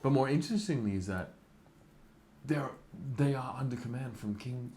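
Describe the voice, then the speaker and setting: A man's voice: mid-range voice, normal speed, darkish tone, reverberant, slight background noise. A man playing in a tabletop roleplaying game, asking questions and planning aloud. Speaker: player.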